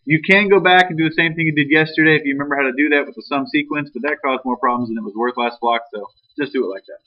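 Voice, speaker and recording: A man's voice: a little high, very fast. A male math teacher leading a classroom lesson, talking casually and teasing his students. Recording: dull lo-fi classroom recording.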